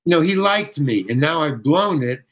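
An older man tells a story with real showmanship, acting out the other characters as he goes. His voice sits a little higher than most men's. He often stumbles and restarts mid-sentence, but keeps the tale rolling. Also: normal speed, slight background noise, rough recording. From United States. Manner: lively storyteller who acts out quoted voices, with frequent restarts. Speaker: guest actor telling stories. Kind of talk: animated anecdote telling.

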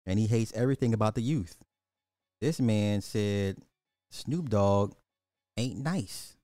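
A middle-aged man hosting a livestream with a dark, mellow voice, recorded dry and close. He rants bluntly with profanity in casual commentary and hammers his points by repeating them. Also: lowish voice, takes it slowly, dry recording, soft background music. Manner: ranting, blunt and profane, repeats himself for emphasis. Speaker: livestream host.

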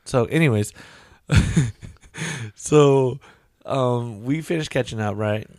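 A man co-hosting a podcast, telling a rambling story full of "you know" and "right?", and putting on high voices for the people he quotes. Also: slow, a little mellow, no room sound, clean studio sound. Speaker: podcast co-host. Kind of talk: casual storytelling chat.

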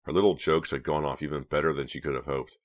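Man, very deep voice, audiobook narrator, steady measured reading.

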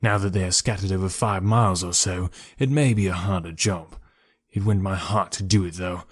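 A bitter, defiant middle-aged ex-convict, read by a man. He speaks with raw passion in a low, steady voice, as in a storybook reading. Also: moderate pace, breathy edge.

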